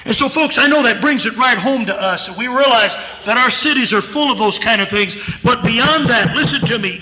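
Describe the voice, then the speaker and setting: A very high-pitched, bright, forceful male voice moves briskly with few pauses as he preaches in a church sanctuary. He emphatically acts out both sides of a conversation within his story, and the hall echoes with long reverb.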